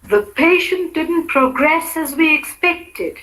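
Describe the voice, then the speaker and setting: A woman's voice: high voice, expressive, slow pace, pushed and bright, rough recording. A woman reading example sentences for a language-lab exercise, carefully enunciated.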